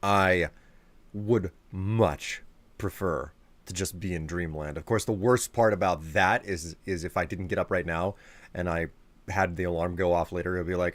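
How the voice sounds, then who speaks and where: A man's voice: low voice, fairly even intonation, normal speed, no room sound. A man chatting casually with his live-stream viewers, sleepy and rambling as he reads and answers chat.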